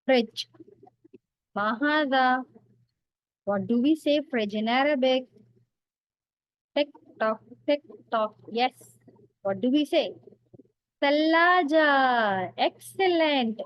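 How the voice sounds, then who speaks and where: A woman teacher quizzes beginners on vocabulary at a very slow, drawn-out pace, her voice sitting a little high. The sound is close and dry, with a dull, slightly lo-fi tone. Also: lively intonation, no room sound. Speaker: language teacher. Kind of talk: vocabulary quiz lesson.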